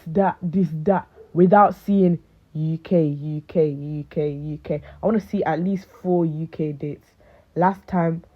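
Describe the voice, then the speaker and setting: A woman in her late teens chatting casually to camera, animated and rambling with lots of fillers. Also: lowish voice. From United Kingdom. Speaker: vlogger. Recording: phone-like thin sound.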